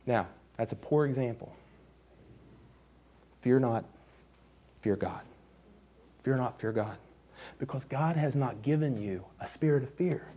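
A middle-aged man preaches a sermon, telling a personal story with a mellow, darker tone at an ordinary pitch. He is emphatic, and his voice sometimes drops to a quiet, intense level. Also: moderate pace, husky. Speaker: pastor.

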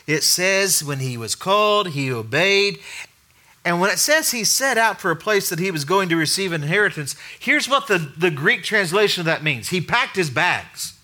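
A middle-aged pastor delivers a conversational sermon in a slightly high voice, putting questions to the room and going quiet to stress his points.

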